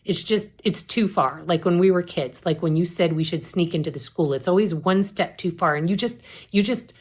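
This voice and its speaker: A woman voicing a frightened teenage girl who pleads and yells urgently, in a storybook reading. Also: on the low side, moderate pace, husky, voice pushed up. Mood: urgent, pleading.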